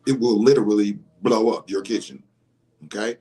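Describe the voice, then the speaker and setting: A man talking in a casual livestream monologue, animated and emphatic, swearing freely. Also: lowish voice, moderate pace, husky. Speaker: vlogger.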